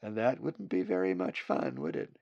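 A man voicing a mother raven who speaks in a gently firm, motherly way. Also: deep voice, very animated, normal speed, vocal fry, dry recording, lo-fi sound, pitched below the performer's own voice, full character voice.

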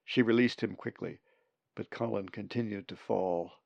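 A man reads a children's story aloud in a slow, measured way. His voice is low and gravelly. The recording is dry, dull and lo-fi. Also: darkish tone, no room sound. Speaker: narrator. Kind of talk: storybook narration.

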